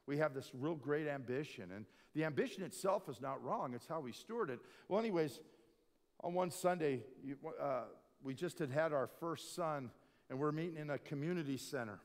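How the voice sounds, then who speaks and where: A middle-aged man preaches to a conference crowd, telling stories with big swings between hushed and loud. His voice sits a little high for a man. A long reverb from the big hall trails each phrase. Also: moderate pace. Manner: animated storytelling, swinging from quiet to loud. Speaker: lead pastor. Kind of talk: sermon.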